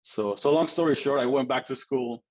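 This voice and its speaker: A man's voice: medium pitch, normal speed, low-quality recording. A man telling his personal story as an interview guest, earnest and chatty, often adding "right?" and laughing a little.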